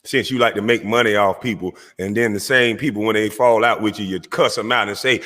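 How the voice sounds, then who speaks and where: Confrontational male streamer host, mocking tone, bright forceful voice. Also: fairly low pitch, fairly quick, few pauses, long reverb tail. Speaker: online show host. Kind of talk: heated livestream rant.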